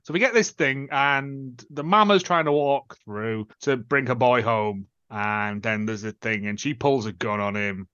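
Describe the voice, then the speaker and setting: A man co-hosting a casual film-review chat, telling the plot in a sarcastic, animated way. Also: medium pitch, unhurried, hardly any pauses, clear, resonant tone, no room sound, highs cut off. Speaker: podcast co-host.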